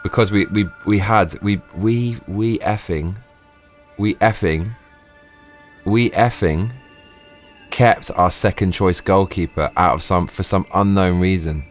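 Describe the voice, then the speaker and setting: A man live streaming, ranting and swearing in excited bursts. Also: sits low, slow pace, faint music behind. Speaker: livestreamer.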